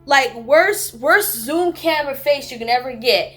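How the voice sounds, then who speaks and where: A woman's voice: sits high, animated, a little slow, fairly bright tone. Rambling woman reviewing a bad movie. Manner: rambling, frequent "like". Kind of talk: casual chat. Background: music.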